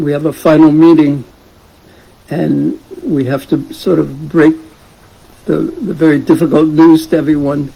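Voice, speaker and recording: A man's voice: fairly high pitch, gravelly, husky, poor audio. A man teaching a scripture class, retelling a story in a casual way and asking the class questions. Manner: gentle, asks the class questions, chuckles.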